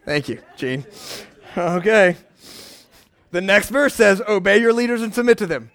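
A pastor preaching a casual, animated sermon, often checking in with his listeners. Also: high-pitched, unhurried, creaky. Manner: conversational, animated, frequent "right?" asides.

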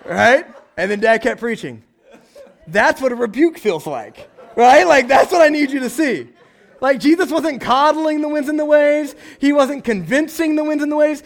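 High-voiced, animated male preacher. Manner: animated preaching, acts out voices, frequent "right?". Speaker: pastor. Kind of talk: sermon.

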